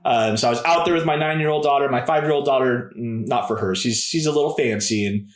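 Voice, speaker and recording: A man's voice: mid-range voice, fast talker, echoey room. A man in his thirties, a podcast guest telling stories in a casual, laid-back way and often calling people "dude" and "man". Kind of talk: casual storytelling.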